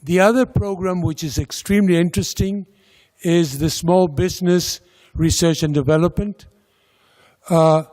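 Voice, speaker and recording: A man giving a slide presentation about a funding agency's programs, speaking slowly and deliberately with pauses and fillers. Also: fairly high pitch, a little mellow. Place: lecture hall. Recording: lecture hall with long reverb.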